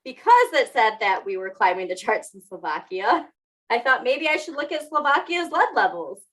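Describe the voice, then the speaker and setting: A woman's voice: on the high side, big pitch swings, moderate pace, a bit bright, rough recording. A young adult woman co-hosting a podcast in casual chat, laughing often and teasing herself. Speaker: podcast co-host.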